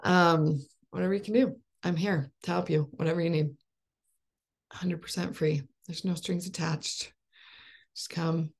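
A woman's voice: on the low side, fairly even intonation, unhurried. A woman in her forties, a life coach hosting a support group call over a video call, talking in an upbeat, encouraging way with rhetorical questions and frequent laughs. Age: 40s.

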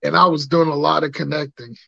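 Gravelly man on a dull lo-fi mic. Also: on the high side, steady tone, fairly quick, a loud crowd. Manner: laid-back storyteller, profane. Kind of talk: casual podcast storytelling.

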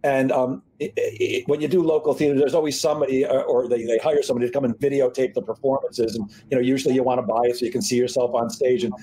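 Mellow-voiced male podcast host. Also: medium pitch, quick pace, few pauses, slight background noise, low-quality recording. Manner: animated, stumbling restarts, self-deprecating. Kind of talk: interview conversation.

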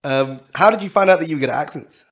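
A man hosting a casual podcast interview, firing off quick questions and teasing his guest with plenty of laughter. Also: a little high, a bit bright. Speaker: podcast host.

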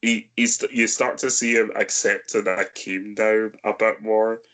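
Slow-talking man with giggly laughs. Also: flat delivery, fairly bright tone. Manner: laughs often, high giggles. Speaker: podcast host. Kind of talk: casual film review chat.

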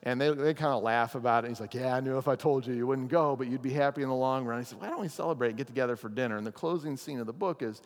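Animated pastor preaching in a hall. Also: male voice, medium pitch, rapid-fire, hardly any pauses. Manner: animated storyteller, acts out characters' lines. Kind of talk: chapel sermon with storytelling. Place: chapel or meeting hall.

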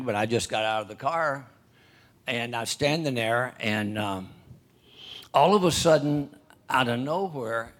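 Older man preaching a halting sermon. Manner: storytelling, halting with repeated restarts and throat-clearing; reads scripture louder and higher. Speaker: pastor.

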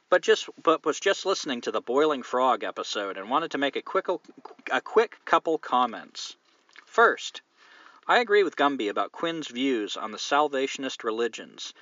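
A man's voice: mid-range voice, sharp tone, no room sound, dull audio. A man from the Southern United States hosting a casual podcast, reading listener mail aloud with profane, wry joking asides. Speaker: podcast host.

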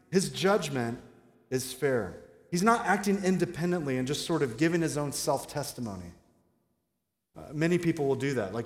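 A man's voice: a little high, lively intonation, normal speed. Conversational male pastor in an echoey hall. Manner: conversational and joking, asks the audience questions. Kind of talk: sermon. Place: large church hall. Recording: roomy hall with long reverb.

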